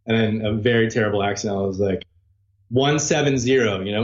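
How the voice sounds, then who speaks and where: Man, podcast guest, animated storyteller, does voices, roomy dull audio. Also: medium pitch, quick pace. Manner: animated, imitates voices in anecdotes. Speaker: guest musician. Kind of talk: casual storytelling chat. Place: abroad in a Spanish-speaking country.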